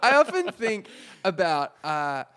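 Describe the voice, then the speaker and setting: A man co-hosting a comedy podcast in casual chat, telling animated stories and acting out the people he quotes. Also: sits high, measured pace. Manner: animated storyteller who acts out quoted people. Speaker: podcast co-host.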